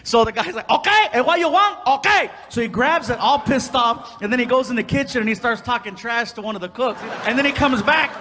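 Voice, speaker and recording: A man telling a comic story in an animated, exasperated way. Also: very high-pitched, brisk, few pauses, slight background noise. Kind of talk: comedic storytelling.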